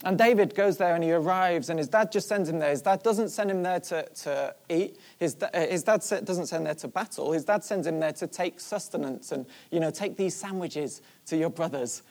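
A preacher giving a sermon, retelling a story in an animated way and asking the listeners rhetorical questions. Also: medium pitch, a little fast, gravelly, few pauses.

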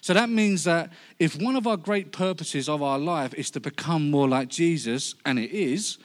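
A man with a Cockney accent preaching a humorous sermon, joking and lively. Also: a little high, normal speed. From London. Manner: jokey, lively delivery.

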